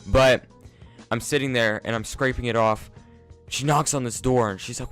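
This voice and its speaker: A man's voice: medium pitch, moderate pace, fairly bright tone, clear, resonant tone. A young man telling a casual, profane, self-mocking story to his viewers. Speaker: vlogger. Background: faint instrumental music.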